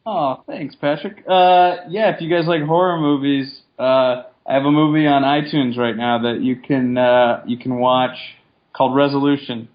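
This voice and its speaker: A man talking in a relaxed, plain way as a podcast guest. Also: mid-range voice, moderate pace, lo-fi sound. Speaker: podcast guest, indie filmmaker. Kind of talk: casual interview chat.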